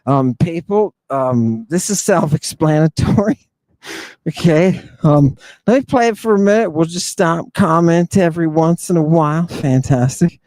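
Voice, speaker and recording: A man hosting a livestream, talking in an excitable, jokey way with frequent exclamations. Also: on the high side, unhurried, no room sound. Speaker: host. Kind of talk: livestream commentary.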